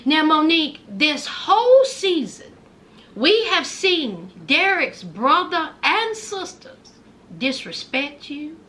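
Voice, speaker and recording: A woman's voice: sits high, sing-song, slow pace, bright, forceful tone. A woman giving a blunt, mocking commentary recap of a reality TV episode, talking straight at the people she discusses and acting out what they said. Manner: acts out quoted lines in put-on voices.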